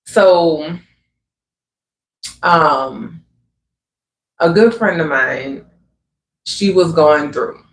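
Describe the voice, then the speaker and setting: A man's voice: a little high, fairly bright tone. A man hosting a livestream, talking earnestly and conversationally about spiritual growth, often adding "you know what I'm saying". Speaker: livestream host. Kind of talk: reflective spiritual talk. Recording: echoey room with faint ambience.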